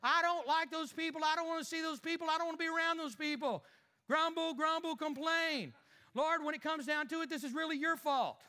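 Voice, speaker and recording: A man's voice: very high voice, steady tone, brisk, pushed and bright, big-room sound. A man acting out a petty, grumbling married churchgoer who mutters complaints under his breath and puts on fake cheer for others, in a comic sermon skit.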